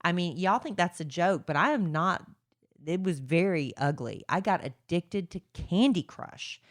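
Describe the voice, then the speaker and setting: A woman's voice: fairly low pitch, animated, unhurried, no room sound, studio quality. A woman co-hosting a podcast, talking candidly and chattily, a self-deprecating and tired-sounding speaker. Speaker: podcast co-host. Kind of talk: casual chat.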